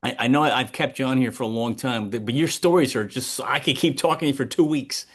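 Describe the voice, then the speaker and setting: A man's voice: medium pitch, fast talker, slightly rough. A man hosting a podcast, asking questions and encouraging his guest with frequent short agreement. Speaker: podcast host. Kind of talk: casual interview.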